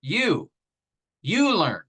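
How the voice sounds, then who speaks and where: A man's voice: high-pitched, huge pitch swings, fairly bright tone, slightly rough, poor audio. A man teaching a grammar lesson, explaining patiently step by step and asking his class rhetorical questions. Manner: many fillers and restarts, slows down to stress example phrases.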